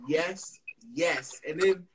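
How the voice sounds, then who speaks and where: A man with a notably high voice co-hosts a casual interview, talking in an animated way with slang and repeated phrases. A faint hiss of noise sits under the recording. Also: slow pace, low-quality recording. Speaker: podcast co-host.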